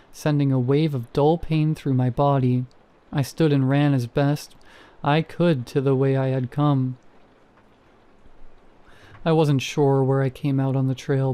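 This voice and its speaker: Guy reading a creepy first-person horror story, mellow dark voice, slow and suspenseful. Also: medium pitch. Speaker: narrator.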